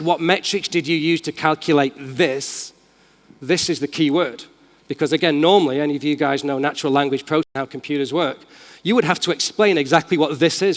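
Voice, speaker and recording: Man, Manchester accent, keynote speaker, enthusiastic and casual, slightly high voice, long hall reverb. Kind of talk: live tech demo talk. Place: large conference hall.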